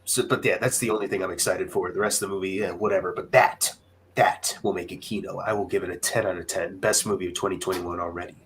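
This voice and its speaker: Young man, very low voice, rambling movie chat, faint hiss. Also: steady tone, fast, rough recording. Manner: rambling, full of fillers and restarts. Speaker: co-host. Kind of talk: casual film chat.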